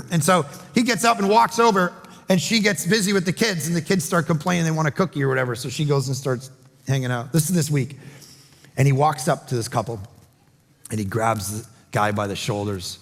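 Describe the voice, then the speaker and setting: A man preaching a sermon as pastor, telling a story with animated voices and then leading a prayer. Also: on the high side, fairly quick. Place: large church auditorium. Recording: long hall reverb with faint music.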